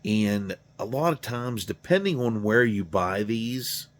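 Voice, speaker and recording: A man's voice: on the low side, animated, a little slow. A tired middle-aged man talking in a casual, rambling monologue, swearing freely and joking at his own expense. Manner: profane, rambling, self-deprecating. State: tired, yawning. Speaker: garage channel host.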